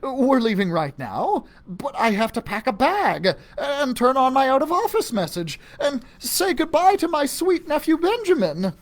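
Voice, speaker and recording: A man voicing an excited, bossy adult mouse woman who talks in a squeaky voice in a storybook reading. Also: full character voice. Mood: eager. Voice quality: squeaky, high and fast.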